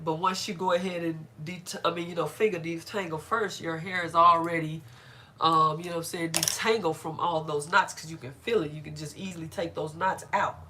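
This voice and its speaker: A woman's voice: low voice, sharp tone, a little hiss or hum. A middle-aged woman chatting casually on a live stream while doing her hair, laughing often and greeting viewers by name.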